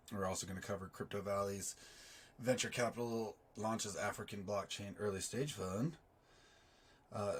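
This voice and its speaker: Male finance vlogger, hoarse and raspy, lowish voice, loose chatty read with self-deprecating tangents. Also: a little hiss or hum. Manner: rambling, self-deprecating asides. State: hoarse, sore throat. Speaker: finance YouTuber. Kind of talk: casual commentary reading news articles.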